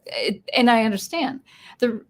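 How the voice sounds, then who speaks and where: A woman's voice: on the high side, measured pace. An American woman hosting a casual live-stream Q&A for her music channel. She reads viewer comments aloud and explains things in a chatty way, with frequent restarts.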